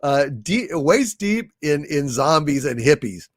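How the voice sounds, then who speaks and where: A man hosting a livestream, slowly reading out viewers' messages and thanking them, with many fillers and restarts. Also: a little high, very animated, fairly bright tone, no room sound, clean studio sound. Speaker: livestream host reading super chats. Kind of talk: casual livestream chat.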